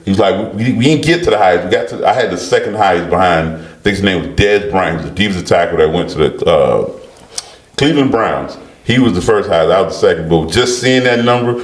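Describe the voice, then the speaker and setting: Animated storytelling man, deep voice. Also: fast. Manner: animated storyteller, laughs and acts out quotes. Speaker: guest, former football player. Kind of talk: storytelling interview. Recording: roomy studio.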